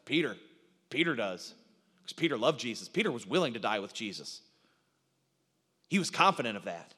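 A man preaching a sermon, animated, acting out quoted lines, with frequent restarts. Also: medium pitch, normal speed, slightly rough. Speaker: pastor. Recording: reverberant hall sound.

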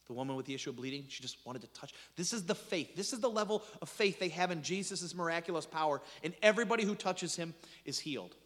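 A man preaching a sermon in an animated storytelling manner, with dramatic swings in pitch and loudness. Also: fast, few pauses, in a large hall. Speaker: pastor.

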